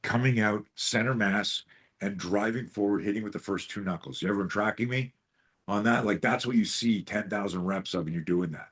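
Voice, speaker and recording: Profane, animated self-defense coach, lowish voice. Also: male voice, brisk, husky. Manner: profane, animated storytelling with rhetorical questions. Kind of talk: live group coaching call.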